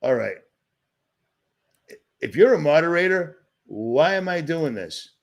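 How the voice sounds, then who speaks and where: Gravelly, sarcastic man ranting on a livestream. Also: on the high side, sing-song, slow pace. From Boston. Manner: sarcastic, agitated, rambling. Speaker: livestream host.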